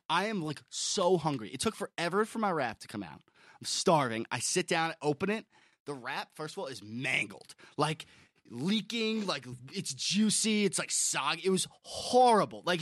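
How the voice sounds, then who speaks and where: A young man, chatting as a podcast co-host, telling an animated story full of swearing and quick restarts while getting over the flu. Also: fairly high pitch, no room sound, clean studio sound. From Long Island. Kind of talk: casual chat.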